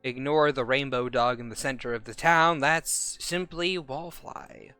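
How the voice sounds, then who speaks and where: A man narrating as game master, speaking slowly and circling back over his own words. His voice is bright and dry, set against faint background music. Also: medium pitch, clean tone, no room sound. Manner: rambling, self-correcting.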